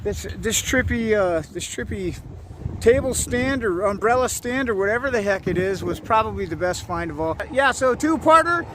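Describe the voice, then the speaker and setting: High-voiced upbeat man vlogging outdoors. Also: expressive, normal speed, noisy background. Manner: upbeat, rambling, lots of fillers and exclamations. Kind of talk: casual outdoor vlog narration. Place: outdoors by a lake.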